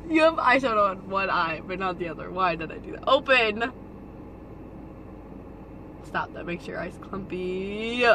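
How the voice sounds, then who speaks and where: A teenage girl doing her mother's makeup in a car, bossy and teasing, with sudden loud outbursts and giggles. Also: mid-range voice, animated, a little fast, few pauses, a little hiss or hum, low-quality recording. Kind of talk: casual playful banter.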